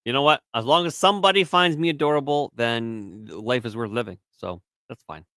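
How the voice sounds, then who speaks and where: A man's voice: mid-range voice, fairly quick, a bit bright, no room sound, clean studio sound. A man co-hosting a casual live-stream show, reading chat messages aloud and teasing his co-host. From Canada. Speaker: podcast co-host.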